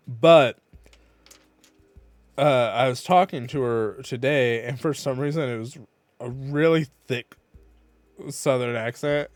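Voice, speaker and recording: A man's voice: medium pitch, animated, slow, pauses often, dry recording. A tipsy man on a casual charity stream, reading game dialogue aloud and laughing often between lines.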